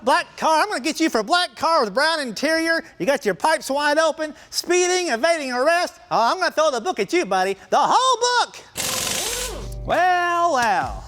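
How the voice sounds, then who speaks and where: A man impersonating a fussy, self-important small-town deputy, scolding in an excitable, jittery voice. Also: normal speed, faint music behind, full character voice. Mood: gloating. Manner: jittery, excitable scolding, pitch jumping up when riled. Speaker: tribute impersonator. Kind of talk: in-character comedy improv.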